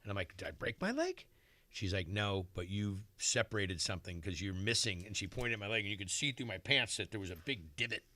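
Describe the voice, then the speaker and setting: A middle-aged man, a guest in a radio studio, telling an animated story and acting out what other people said. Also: on the low side, quick pace, few pauses. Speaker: celebrity chef guest.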